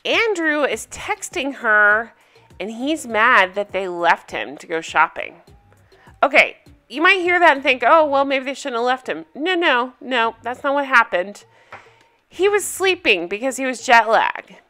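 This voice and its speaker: Woman recap host, bright tone, blunt, emphatic and profane. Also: on the high side, very animated, measured pace, soft background music. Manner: blunt, emphatic, swears freely. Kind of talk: casual video recap commentary.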